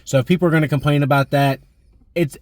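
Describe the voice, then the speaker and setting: A man's voice: a little high, fairly even intonation, fast, a little mellow, no room sound. A man in his thirties chatting enthusiastically about a movie as a vlog host, with plenty of fillers. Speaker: movie review vlogger. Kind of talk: casual chat.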